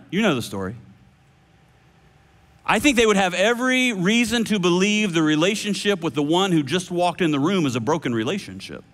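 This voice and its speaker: A man preaching a sermon, animated and playful with shifting voices. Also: on the high side. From United States. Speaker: pastor. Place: large church hall. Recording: long hall reverb.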